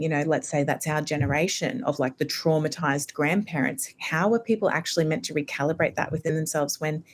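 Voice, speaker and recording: A woman, a homeopath guest on a podcast, telling personal stories in a lively, casual way full of "you know" and "like". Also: deep voice, a little hiss or hum. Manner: animated storytelling, many fillers like "you know".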